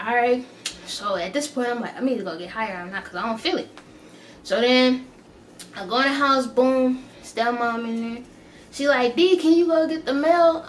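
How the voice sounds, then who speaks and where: A young woman vlogger telling a story in a casual, animated way, laughing often and tossing in slangy asides. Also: a little high, slight background noise.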